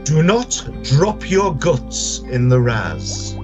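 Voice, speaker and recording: Slow-talking, easygoing male guest. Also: a little high, sing-song, music in the background. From Long Island, New York. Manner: easygoing, joking along. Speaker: guest pilot. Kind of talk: casual live-stream chat.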